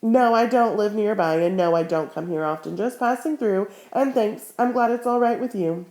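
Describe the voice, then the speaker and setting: A woman reading aloud the lines of a guarded, gentle teenage boy in a storybook, by turns stern and anxious. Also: medium pitch, moderate pace, lightly acted. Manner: stern, then anxious and evasive.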